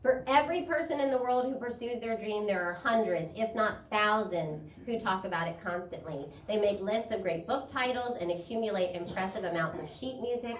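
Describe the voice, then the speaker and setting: A woman's voice: mid-range voice, normal speed, few pauses, slight background noise. A woman spiritual leader giving a sermon, reading expressively from a book. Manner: expressive, animated reading, laughs easily. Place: church sanctuary. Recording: echoey room, distant mic, faint ambience.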